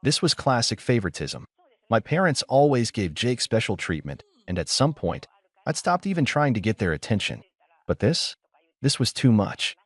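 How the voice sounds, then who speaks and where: A man narrating a first-person story in a steady, measured way. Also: medium pitch, no room sound.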